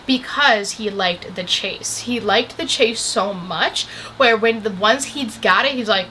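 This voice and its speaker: A young woman casually recapping a movie, chatty and animated, saying "like" a lot and breaking off to talk to the camera. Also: a little high, a little slow, slight background noise, rough recording. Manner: chatty, animated, heavy use of "like"; breaks off to talk to the camera about her coffee and pillow. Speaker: vlogger reviewing a movie.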